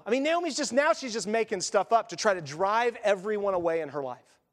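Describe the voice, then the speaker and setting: A male pastor preaches to his church in a chatty, emphatic style. His voice sits high for a man. A long reverb rings behind every line in the big hall. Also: animated, normal speed, fairly bright tone. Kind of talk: sermon.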